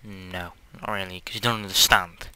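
A man's voice: deep voice, fairly even intonation, normal speed, sharp tone, clean tone, no room sound. A young man hosting his own gaming channel, chatting casually over gameplay in a hyperactive, silly, rambling way.

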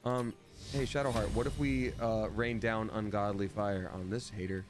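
A man's voice: on the low side, level tone, moderate pace, background noise. A man streaming a video game with casual, playful commentary and silly asides. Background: game music.

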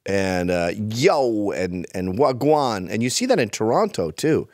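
A man's voice: deep voice, sing-song, normal speed, no room sound, clean studio sound. A man speaking as a podcast guest in brash, provocative casual chat, often slipping into mock accents.

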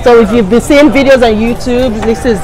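A woman's voice: on the high side, steady tone, a little fast, over music. A woman with a strong Nigerian accent hosting a playful, laughing vlog with friends on a restaurant patio. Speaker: vlogger host. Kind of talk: casual vlog chat. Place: busy outdoor restaurant patio. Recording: noisy crowd around.

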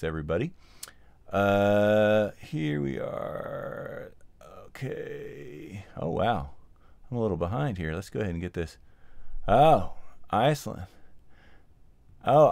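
Recorded with no room sound, his voice sits on the low side with a darkish tone. He's a sound mixer running a relaxed livestream, a little winded, putting gear together, talking to viewers, and saying um a lot as he thinks out loud.

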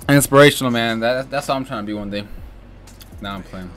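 Speaking a little fast at medium pitch with a somewhat bright tone, a young American man hosts a reaction video. He's slangy and exclamatory, repeating "bro" and "you know what I'm saying," and faint music from the watched video sits underneath.

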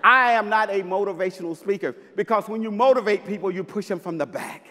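A man from Mississippi, a basketball coach giving a punchy, playful talk on stage with bursts of loud emphasis. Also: high voice, a little fast, in a large hall. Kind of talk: live inspirational stage talk. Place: large festival venue with audience.

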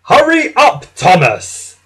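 A man's voice: high voice, wildly swooping pitch, slow, fairly bright tone, husky, pitched above the performer's own voice, heavily acted. A man doing a big boastful express engine, gloating. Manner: gloating, bossy calls.

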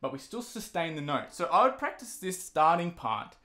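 A man's voice: on the high side, very animated, normal speed, sharp tone. A man teaching a violin lesson, patiently explaining each step between passages he plays. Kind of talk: instrumental lesson. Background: violin playing.

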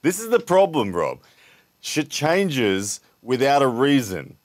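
A man hosting a podcast in casual chat, easygoing and quick to laugh, reading out viewer questions. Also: mid-range voice, very animated, no room sound. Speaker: podcast host. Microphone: podcast microphone.

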